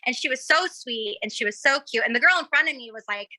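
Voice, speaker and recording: A woman's voice: on the high side, expressive, fast talker, sharp tone, dry recording. A woman guest chatting casually on a talk show, telling stories with lots of giggles and acted-out quotes. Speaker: podcast guest. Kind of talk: casual chat.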